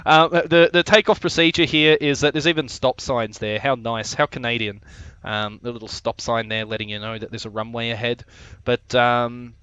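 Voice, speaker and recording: A man's voice: mid-range voice, little pitch movement, normal speed, a bit bright, smooth, dry recording, lo-fi sound. A man casually commentating his own flight video on a live stream, joking, swearing and rambling with lots of fillers.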